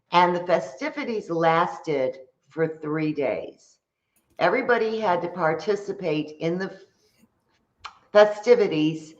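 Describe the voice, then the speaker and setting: Lady author explaining stuff real slow, lowish voice, echoey dull-sounding audio. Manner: slow, deliberate explaining, repeats points for emphasis. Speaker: guest author and metaphysical practitioner. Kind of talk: explanatory interview talk.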